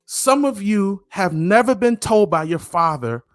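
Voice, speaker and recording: A middle-aged man speaks straight to camera in an earnest, preaching manner, circling back and repeating his phrases for weight. His voice sits a little high, and the recording is dry and close. Faint music plays quietly underneath. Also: expressive, measured pace, dry recording. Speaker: motivational speaker. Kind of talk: motivational talk to the camera.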